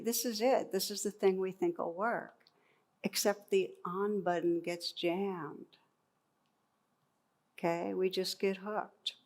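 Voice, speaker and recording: Reflective woman giving a meditation talk. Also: fairly low pitch. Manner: reflective, gently humorous. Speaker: meditation teacher. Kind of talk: dharma talk.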